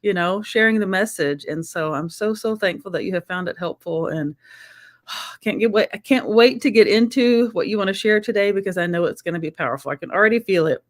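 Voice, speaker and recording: A woman's voice: medium pitch, a little fast. A woman hosting a live-streamed chat show, talking in an effusive, heartfelt way that is emotional and close to tears. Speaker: host.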